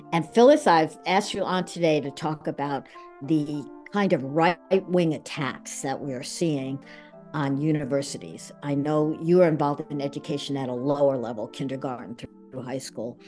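An older woman with a notably low voice hosts a relaxed podcast chat. She talks in a chatty way and corrects herself as she goes. Faint music sits beneath her. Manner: chatty, self-correcting with laughs. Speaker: podcast host. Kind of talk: casual podcast conversation.

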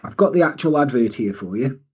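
Husky man telling a story animatedly. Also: medium pitch, fairly quick, highs cut off. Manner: animated, laughing, bursts into silly voices. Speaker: podcast host. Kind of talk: casual storytelling chat.

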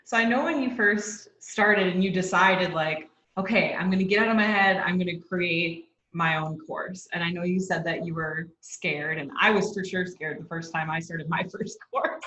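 A woman's voice: fairly low pitch, normal speed, hardly any pauses, sharp tone. A woman hosting an interview, chatty and eager, relating her own experience to the guest's. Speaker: podcast host. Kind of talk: casual interview. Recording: dull echoey room sound.

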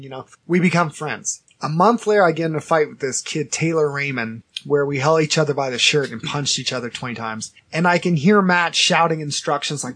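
A man in his thirties spins a long yarn on a casual podcast, jumping into the voices of the people in it. His voice sits a little high for a man and has a husky edge. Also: brisk, hardly any pauses. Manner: animated storyteller, acts out quoted dialogue, laughs often. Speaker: podcast co-host. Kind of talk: casual storytelling chat.

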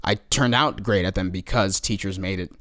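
Young male co-host, low smooth voice, loose and profane, dry close sound. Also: a bit bright, no room sound. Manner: loose, swears casually, quick asides. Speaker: podcast co-host. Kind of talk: casual chat.

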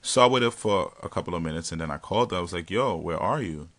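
A man telling dating stories in a casual, animated and slangy way, laughing often. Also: low-pitched, very fast. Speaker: podcast host telling stories. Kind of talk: casual storytelling.

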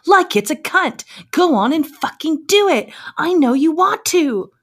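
A woman voicing a bold, demanding young woman in an audio story, with a high, pushy delivery. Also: a little slow, a bit bright.

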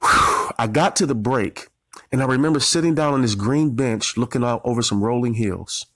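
A man's voice: mid-range voice, normal speed, fairly bright tone, no echo. A man in his forties, a marketing coach, giving an emotional motivational talk, holding back tears and repeating phrases as he tells his story.

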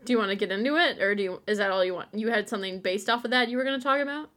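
A woman's voice: mid-range voice, rapid-fire, a bit bright. Chatty, rambling woman podcast co-host. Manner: chatty, rambling, laughs a lot. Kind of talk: casual chat. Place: home.

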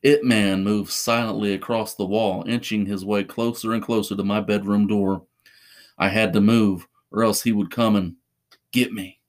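A man narrating a first-person horror story in a measured, suspenseful way. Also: fairly low pitch.

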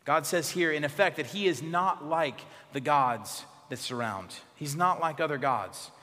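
A pastor preaching a sermon in a church, expressive, dropping to soft tones for emphasis. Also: male voice, a little high, measured pace, big-room sound.

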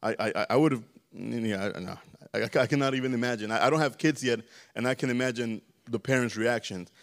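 In a church sanctuary, a preacher delivers a casual sermon, often stammering, repeating words, and checking in with the congregation. His medium-pitched voice is creaky and brisk.

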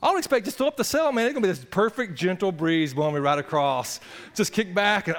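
A man preaching a sermon, animated and conversational, swinging between loud exclamations and hushed earnest passages. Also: a little high, a little fast, few pauses. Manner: conversational, addresses the congregation directly. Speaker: pastor.

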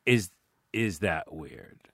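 A man's voice: deep voice, sing-song, slow pace, creaky, no echo, clean studio sound. A man hosting a podcast, chatting casually and telling playful stories. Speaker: podcast host. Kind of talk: casual chat.

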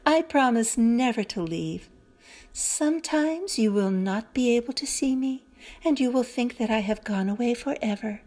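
A woman's voice: fairly high pitch, animated, normal speed. A woman voicing Hope, a sweet little female fairy who speaks kindly and cheerfully in a storybook reading. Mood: tender. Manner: soft, kind and coaxing.

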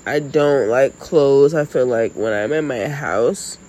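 Podcast co-host, woman in her thirties, animated storytelling, faint background hiss. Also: a bass voice, slow, rough recording. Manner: animated storyteller, laughs often. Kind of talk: casual chat.

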